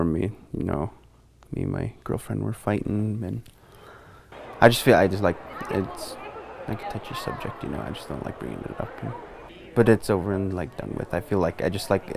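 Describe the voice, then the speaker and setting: A young man in a touring band speaking hesitantly in a confessional interview, filling pauses with "like". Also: on the low side, creaky, a little hiss or hum. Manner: hesitant, full of "like", guilty.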